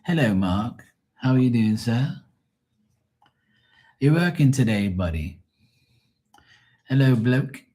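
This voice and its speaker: A man's voice: medium pitch, sing-song, takes it slowly, long pauses, mellow, breathy edge, exaggerated voice. A man mocking a fussy, over-polite Englishman in a singsong voice.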